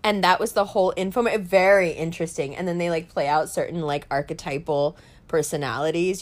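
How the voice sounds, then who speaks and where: A middle-aged woman telling a story in a casual chat, animated and swearing, saying "like" a lot. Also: low-pitched, brisk. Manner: animated, swearing, heavy use of "like".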